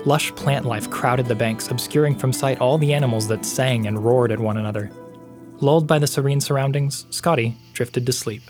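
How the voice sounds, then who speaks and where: A man narrating a fantasy story in a measured, expressive reading voice. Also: mid-range voice. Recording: faint background music.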